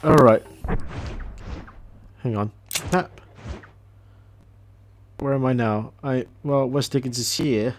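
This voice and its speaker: A man's voice: medium pitch, takes it slowly, long pauses, slight background noise. Crude, chatty man playing a game. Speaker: gameplay commentator. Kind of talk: casual let's-play commentary.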